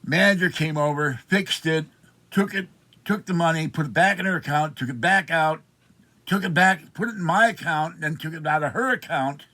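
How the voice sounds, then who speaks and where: A man's voice: fairly high pitch, moderate pace, sharp tone. A man in his seventies from Pittsburgh, telling an indignant, rambling story of complaint in a personal vlog. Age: 70s. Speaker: vlogger.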